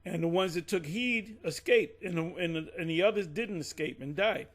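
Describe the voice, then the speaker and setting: Rambling man with a higher voice. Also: normal speed. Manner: rambling, digressive, self-correcting. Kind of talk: casual Bible teaching discussion.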